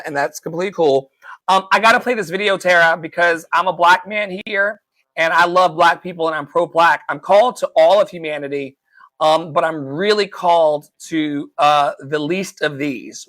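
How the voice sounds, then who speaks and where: A man hosting a livestream talk show, reading aloud and breaking off for chatty, animated asides to his co-host. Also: a little high, no room sound. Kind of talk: casual commentary, reading aloud.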